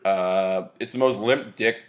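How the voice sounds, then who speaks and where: A man's voice: fairly low pitch, unhurried. Blunt, sardonic man recapping on a podcast. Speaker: podcast co-host.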